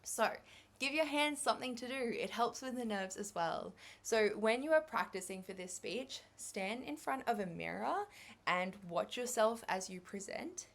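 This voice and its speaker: A woman's voice: medium pitch, lively intonation, measured pace, creaky. A young Australian woman giving a revision lecture on English exam skills, chatty and upbeat, with light laughs.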